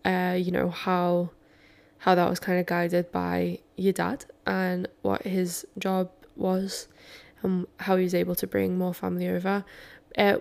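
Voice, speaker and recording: Lady interviewer, pretty flat and lowish, a bit of fry, feeling her way thru the question. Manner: hesitant, searching with fillers.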